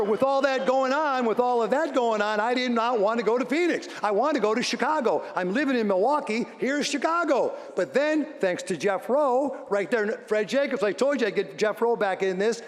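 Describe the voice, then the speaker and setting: A middle-aged man, a radio host, giving an energetic storytelling speech to a live audience, swinging from shouts to hushed moments. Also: sits high. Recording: long hall reverb.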